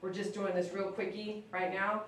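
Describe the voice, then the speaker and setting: Woman groomer, casual and chatty, coaxes the dog in a sing-song tone; mic set back in a boomy room. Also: level tone, normal speed, slight background noise. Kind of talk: casual live-stream chat while grooming. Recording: very echoey room, mic at a distance.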